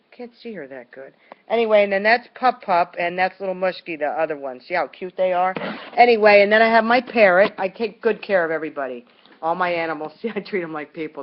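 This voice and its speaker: A woman's voice: fairly low pitch, dull audio. A woman recording a casual video message at home, talking in a rambling, colloquial way with lots of fillers and restarts. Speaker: vlogger speaking to viewers.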